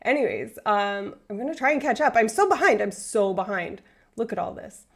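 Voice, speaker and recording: A woman's voice: fairly high pitch, lively intonation, normal speed, vocal fry. A woman streamer talking casually to her live chat, explaining things earnestly in a rambling way with many fillers. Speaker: Twitch streamer. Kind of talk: casual livestream chat answering viewers.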